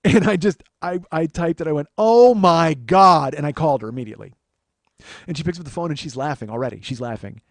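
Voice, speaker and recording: A man's voice: a little high, animated, quick pace, a little mellow, no echo. A man hosting a podcast, telling a comedic story as a profane, exasperated rant. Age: 40s. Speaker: podcast host.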